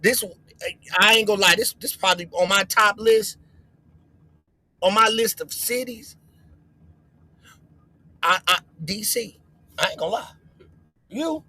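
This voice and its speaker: A man's voice: high-pitched, measured pace, pauses often, bright, forceful tone, no room sound, rough recording. A man from the US West Coast hosting a livestream, talking in slang and rambling with frequent repeats. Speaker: livestream host. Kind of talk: loose reaction-stream commentary.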